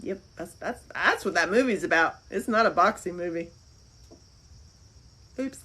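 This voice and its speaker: A woman talking as an interview guest in casual chat. She is animated, laughs often and repeats phrases. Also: fairly low pitch, unhurried, slightly rough, poor audio. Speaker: interview guest, filmmaker and author.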